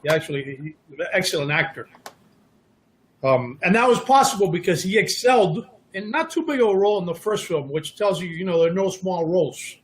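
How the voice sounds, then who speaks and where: A man's voice: high voice, expressive, brisk, slight background noise. A middle-aged man, an actor guest in an interview, telling stories in a casual, self-deprecating, joking way.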